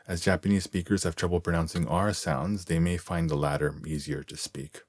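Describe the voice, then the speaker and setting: A man giving a measured, clear, scripted narration of an English-learning column. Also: sits low, steady tone, no echo, studio quality.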